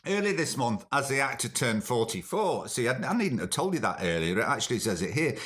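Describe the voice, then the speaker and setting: This podcast host runs a comic monologue and phone bit, reading out news in a dry, jokey way and cutting himself off mid-thought. His medium-pitched voice is very animated, fairly quick, and a bit bright.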